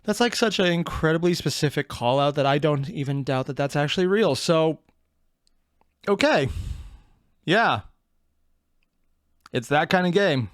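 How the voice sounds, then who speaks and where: A man's voice: a little high, measured pace, pauses often, no echo, clean studio sound. A man hosting a reaction video, talking casually and sarcastically with rambling asides, self-mockery and frequent swearing. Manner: animated and sarcastic, swears freely.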